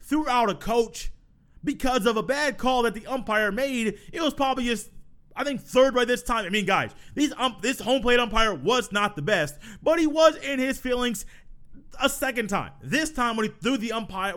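A man's voice: very high voice, animated, normal speed, sharp tone. A man hosting a solo sports podcast who tells stories in a casual, chatty way, laughing and repeating himself. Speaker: podcast host.

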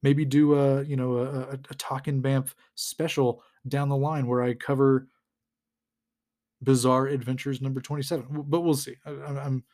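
A man's voice: medium pitch, level tone, normal speed, darkish tone. A man hosting a podcast, casually recapping a comic in a rambling way with lots of fillers and chuckles. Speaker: podcast host.

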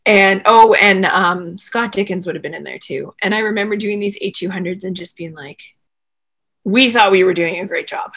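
A woman's voice: mid-range voice, normal speed. Chatty woman telling a story. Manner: animated, rambling, frequent "like" fillers. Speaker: interview guest, former swimmer. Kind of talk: casual storytelling in conversation.

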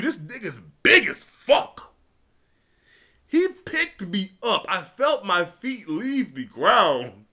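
A young man telling a profane, animated story, swearing freely and shouting as it builds. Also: very high voice.

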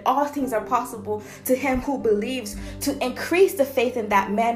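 A woman preaching a sermon with emphasis, repeating phrases to drive her points home. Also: on the high side.

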